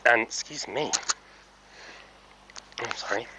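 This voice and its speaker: A man's voice: mid-range voice, takes it slowly, background noise. A man training a horse who talks casually and thoughtfully in a vlog, rambling with many fillers and correcting himself as he goes.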